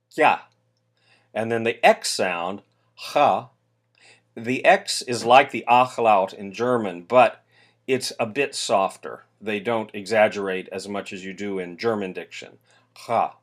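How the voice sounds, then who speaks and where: American male voice coach, low-pitched, relaxed explainer with spoken sound demos. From United States. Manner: demonstrates sounds, relaxed with fillers. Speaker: voice teacher. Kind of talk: explaining singing diction.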